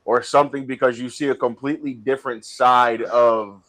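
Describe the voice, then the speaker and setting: A man's voice: medium pitch, fairly even intonation, normal speed, fairly bright tone. A man co-hosting a casual podcast who chimes in with reflective comments.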